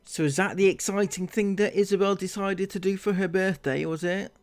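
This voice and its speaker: A man's voice: high-pitched, fairly even intonation, a little fast, noisy background. A man hosting a commentary video, speaking sarcastically and mockingly straight to the person in the clip. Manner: mocking, sarcastic, addresses the vlogger directly. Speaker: commentary channel host. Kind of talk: sarcastic commentary over clips.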